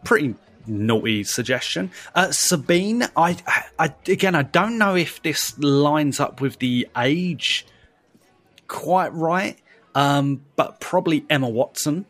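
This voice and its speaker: A man's voice: a little high, animated, slow, fairly bright tone. A man co-hosting a casual podcast chat, jokey and full of fillers and restarts. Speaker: podcast co-host.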